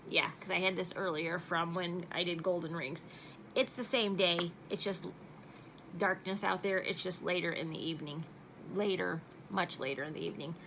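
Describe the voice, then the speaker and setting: A woman's voice: medium pitch, bright, forceful tone, poor audio. Middle-aged woman, casual makeup tutorial, self-deprecating chatter, faint background noise. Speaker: makeup vlogger. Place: home at night.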